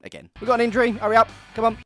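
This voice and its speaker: A man's voice: very high voice, flat delivery, very fast, pushed and bright. An English man narrating his football ground visit with dry, self-deprecating jokes. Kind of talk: casual vlog commentary.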